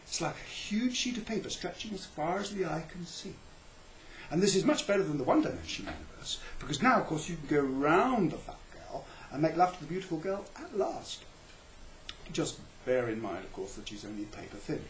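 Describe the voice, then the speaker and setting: Chatty comic lecturer, male, lively delivery in a roomy space. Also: on the high side, brisk, slight background noise. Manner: rambling, chatty, with self-interrupting repetitions.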